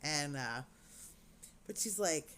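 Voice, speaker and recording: A woman's voice: low voice, lively intonation, takes it slowly, a bit bright, slight background noise. A woman chatting casually to camera as a crafting vlogger, rambling with lots of "you know"s.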